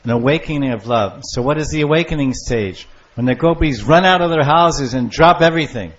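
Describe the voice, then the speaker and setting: An older man giving a devotional lecture on scripture, storytelling with lively acted-out voices. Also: medium pitch, fairly quick. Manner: animated storyteller, acting out lovers' calls. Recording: muffled lo-fi lecture recording.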